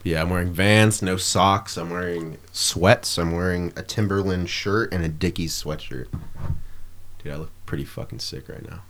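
A man's voice: sits low, moderate pace, fairly bright tone. A man co-hosting a podcast in crude, giggly casual banter, swearing a lot. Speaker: podcast co-host.

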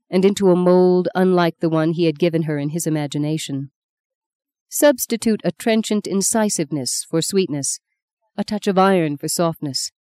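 A woman narrating a novel in a steady, unhurried storytelling voice. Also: fairly low pitch, no room sound. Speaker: audiobook narrator. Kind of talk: scripted narration.

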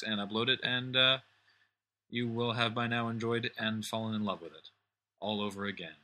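A man's voice: lowish voice, pushed and bright. A man co-hosting a casual podcast chat, joking around and slipping into comic accents. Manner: jokey, slips into comic accents. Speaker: podcast co-host.

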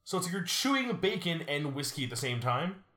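A young man co-hosting a podcast, chatting casually and telling stories in an animated, joking way. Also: on the high side, brisk. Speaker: podcast co-host. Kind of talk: casual chat. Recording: roomy echo.

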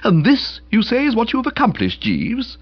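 A man reading aloud, voicing an excitable upper-class young man who speaks eagerly and emphatically. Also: sits low, moderate pace, slightly rough, pitched below the performer's own voice, exaggerated voice. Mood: excited. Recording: slightly dull lo-fi recording.

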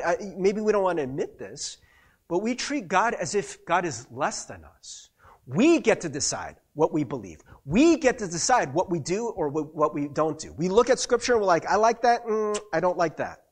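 Chatty husky-voiced pastor preaching. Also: male voice, high-pitched. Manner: chatty, many fillers and restarts, acts out quotes. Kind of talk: conversational sermon.

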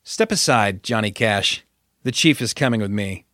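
Man putting on a sarcastic teenage girl, raised and bright. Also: on the low side, lively intonation, normal speed, no room sound, clean studio sound, pitched below the performer's own voice. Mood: taunting. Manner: mocking, taunting.

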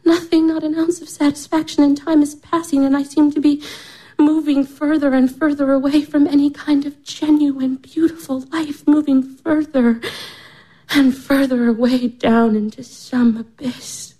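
A young woman of twenty-four at the end of her rope, anguished and close to weeping, as an actress plays her. Her voice sits a little high yet sounds dark and mellow. It often drops into a breathless whisper. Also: steady tone, normal speed, lightly acted. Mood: desolate. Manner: anguished, tearful, breaking into whispers. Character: despairing young woman nearly twenty-four, weary of life. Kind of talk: stage drama acting.

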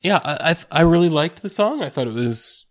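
Very low-voiced, steady woman co-host. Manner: measured and steady, guides the running order. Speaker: podcast co-host. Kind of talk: casual chat reviewing performances.

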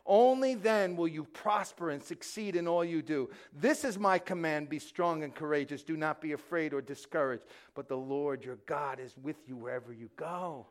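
This is a middle-aged preacher with a fairly high voice. He preaches with fervor, jumps between loud bursts and near-hushed lines, and stumbles over repeated words when he gets going. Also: moderate pace. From New York. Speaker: pastor. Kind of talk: sermon.

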